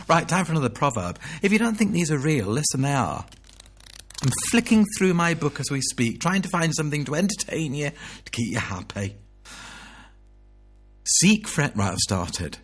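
A man's voice: a little high, lively intonation, moderate pace, a bit bright, breathy edge, soft background music. A man chatting in a playful, self-mocking comic monologue, full of sing-song asides and jokes.

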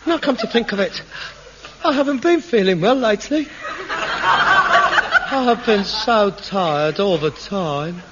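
A melodramatic young son in a TV sitcom, whining and fussing over himself. His voice is high and bright and swoops up and down. The old TV recording sounds dull, with faint hiss. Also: very animated, takes it slowly, pauses often, full character voice. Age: young adult. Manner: theatrical, whining and self-dramatising. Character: hypochondriac grown son, melodramatic and self-pitying. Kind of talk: 1960s-70s TV sitcom acting.

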